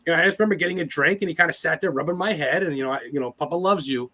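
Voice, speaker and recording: Fast, bright-voiced man in his forties. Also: fairly high pitch. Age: 40s. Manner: rambling, profane and emotional. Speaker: podcast guest. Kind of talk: casual interview storytelling.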